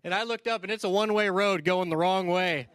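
A male pastor preaching a sermon, telling stories in a conversational way with quick asides and restarts. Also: high-pitched, fairly bright tone. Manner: storytelling, conversational with quick asides and repeated starts.

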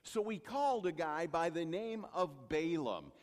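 A man preaching a sermon, telling the story with lively acting-out and speaking straight to the congregation. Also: on the high side, a little slow, long reverb tail. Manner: animated storytelling, addresses congregation directly.

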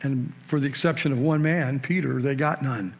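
A man preaching a sermon in a conversational storytelling way, asking his listeners questions and rising sharply in pitch and volume to stress key points. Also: fairly even intonation, moderate pace. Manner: storytelling, with sudden rises in pitch and loudness for emphasis. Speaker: pastor.

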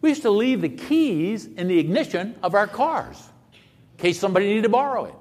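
Man, pastor, sermon, rhetorical questions, high voice, long hall reverb. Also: animated, a little fast, darkish tone. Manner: conversational preaching with rhetorical questions.

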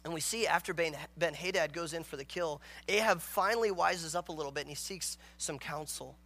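A man's voice: a little high, brisk, pushed and bright. A man preaching a morning sermon as a pastor, earnest and emphatic, reading scripture aloud and acting out the characters' dialogue.

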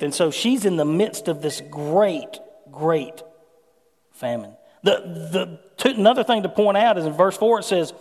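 A man's voice: high voice, normal speed. Man preaching in a reverberant hall. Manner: conversational, folksy preaching with personal stories. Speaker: pastor. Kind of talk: sermon.

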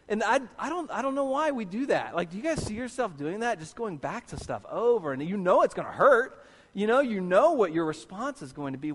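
Man, pastor, sermon, high voice, animated storytelling, long hall reverb. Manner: animated storyteller, acts out his own reactions. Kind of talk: sermon with personal anecdote.

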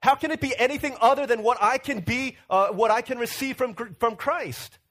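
High-voiced casual male preacher. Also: normal speed, fairly bright tone. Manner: storytelling with playful acted-out quotes and many fillers. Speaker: pastor. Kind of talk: casual sermon.

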